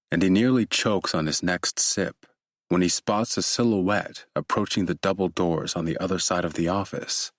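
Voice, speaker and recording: A male audiobook narrator with a very low voice reads a thriller in a measured, steady way. The recording is close and dry. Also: no room sound.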